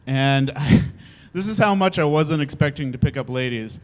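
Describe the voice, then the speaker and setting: On stage, a young man with a high-ish voice at normal speed tells a funny personal story. He's animated, laughs often and acts out the voices of the people involved.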